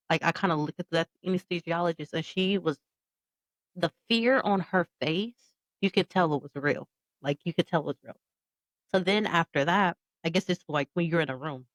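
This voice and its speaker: A woman's voice: deep voice, no room sound, low-quality recording. A woman in her thirties co-hosting a podcast, recounting a personal story with candid emotion. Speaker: podcast co-host. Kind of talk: casual podcast conversation.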